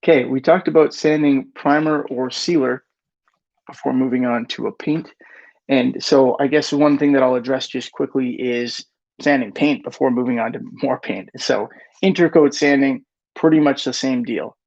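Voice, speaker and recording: Guy with a gravelly voice doing a live q&a, reads questions off chat, fixes his words a lot, dull dry sound. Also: medium pitch, normal speed, darkish tone, dry recording. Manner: reads chat questions aloud, self-corrects with "rather". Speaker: host answering viewer questions. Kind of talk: live Q&A, casual.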